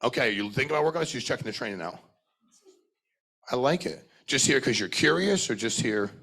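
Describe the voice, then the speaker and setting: A middle-aged man giving a blunt, profane, high-energy sales talk to a live conference audience, questioning people in the crowd. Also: animated, fairly quick, vocal fry, pushed and bright, husky. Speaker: sales trainer speaking at a conference.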